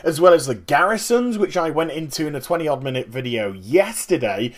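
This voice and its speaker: A man hosting a casual gaming commentary vlog, talking in an animated, emphatic way and explaining things step by step. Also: fairly high pitch, brisk. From Northern Hemisphere. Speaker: gaming video host.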